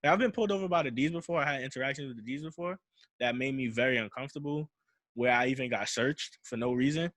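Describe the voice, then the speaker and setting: A man's voice: mid-range voice, quick pace, a bit bright, dry recording. A young man telling a personal story in casual, slangy talk, often repeating himself and restarting as he recounts it. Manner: slangy, repeats "I'm like" and restarts while retelling. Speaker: podcast host.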